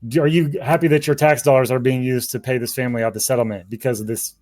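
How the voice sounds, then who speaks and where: A man's voice: mid-range voice, steady tone, quick pace, a little mellow, faint music behind. A man speaking as an activist guest in a casual interview, heated, profane and passionate, admitting he gets emotional.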